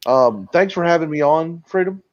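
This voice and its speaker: A man's voice: a little high, animated, moderate pace. A man, a guest streamer in a casual podcast chat, laid-back and crude, promoting his channels. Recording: dull lo-fi audio.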